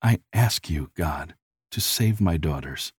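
A man's voice: deep voice, animated, takes it slowly, darkish tone, breathy edge, no echo, studio quality, exaggerated voice. A man doing a tearful, desperate poor father. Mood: tearful prayer. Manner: choked, quavering voice holding back tears.

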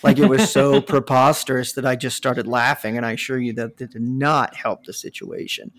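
A man with a northern US accent telling stories in a casual, animated chat, swearing and laughing as he goes. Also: mid-range voice, normal speed. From northern United States.

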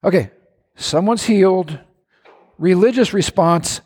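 A male pastor delivers a lively sermon in a high, bright voice. He swings from calm teaching into sudden shouts and playful high-pitched mimicry. The sound carries a long echo from the church hall. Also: moderate pace.

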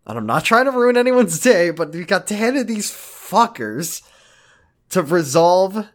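A man co-hosting a podcast in casual chat, animated and mock-dramatic, swearing freely. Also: high-pitched, measured pace. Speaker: podcast co-host.

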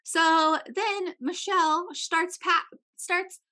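A woman telling a story in casual chat, acting out the people she quotes with big jumps in her voice. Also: slow. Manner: animated, acts out quotes with big pitch jumps.

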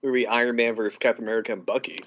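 A man's voice: mid-range voice, flat delivery, rapid-fire, a bit bright, a little hiss or hum. A young man co-hosting a podcast in casual chat, rambling with enthusiasm through his favorite scenes. His voice sits in an ordinary middle register and comes through a slightly dull, lo-fi mic. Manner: enthusiastic, rambling with fillers and restarts. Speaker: podcast co-host.

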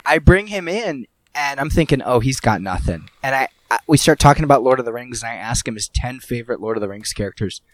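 Comic guest with a Californian accent, lively storyteller, mid-pitched, dry close mic. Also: male voice, fast talker, hardly any pauses, no echo. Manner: animated storyteller, acts out quotes. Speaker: comedian guest. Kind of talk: casual podcast chat.

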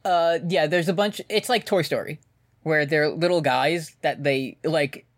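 A man's voice: on the high side, steady tone, unhurried, dry recording. Laid-back rambling man with a dry sound. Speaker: podcast co-host. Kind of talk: casual chat.

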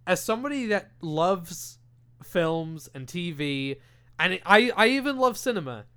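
A man's voice: high voice, animated, unhurried, sharp tone, clear, resonant tone. A young British man chatting casually into a desk mic on a podcast, ranting animatedly with lots of swearing and filler words. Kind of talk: casual chat. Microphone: desk microphone.

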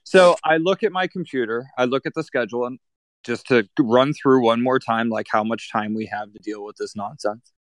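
A man at an ordinary pitch recounts a run-in at his piercing studio in a blunt, swearing, animated way. The sound is dry and close, with no room around it. He talks like he is chatting across a table. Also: moderate pace, no echo. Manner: blunt, profane, animated anecdote-telling. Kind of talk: casual storytelling.

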